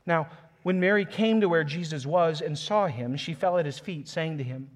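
Pastor, male, slightly high voice, earnest sermon delivery that swells into passionate emphasis. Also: normal speed, few pauses. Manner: reads scripture aloud, chuckles softly.

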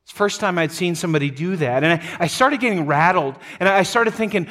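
High-voiced man preaching a sermon. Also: lively intonation, fast, few pauses, fairly bright tone. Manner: earnest storytelling with frequent restarts and light laughs. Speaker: pastor.

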